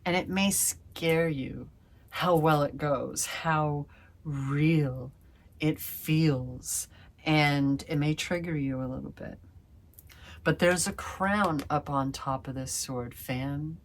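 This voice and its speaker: A woman's voice: low voice, slow. A woman giving a casual tarot reading to her viewers, gushing and effusive, calling them fam and swearing playfully. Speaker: tarot reader.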